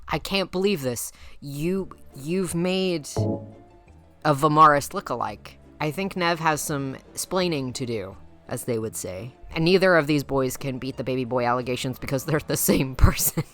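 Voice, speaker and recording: A woman with a low voice runs a teasing, mock-dramatic commentary, laughing often as she passes judgment. She speaks into a home mic with faint music underneath. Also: normal speed, fairly bright tone. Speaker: YouTuber judging viewers' game characters. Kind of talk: playful commentary.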